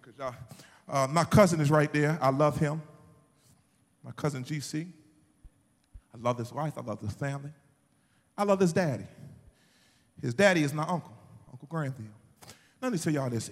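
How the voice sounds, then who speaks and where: A man preaching a sermon, telling a story and building to shouted, sing-song peaks. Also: a little high. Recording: long hall reverb, faint music behind.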